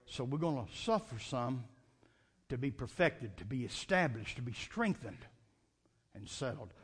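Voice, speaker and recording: A man's voice: medium pitch, big pitch swings, a little slow, slightly rough. A man preaching a fervent Sunday night sermon, repeating and restarting phrases as he builds his points.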